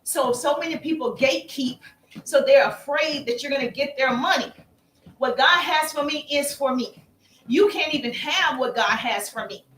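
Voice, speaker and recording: A woman business coach teaching on a live stream, energetic and repetitive, calling listeners "baby". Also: sits high, normal speed, reverberant, a little hiss or hum.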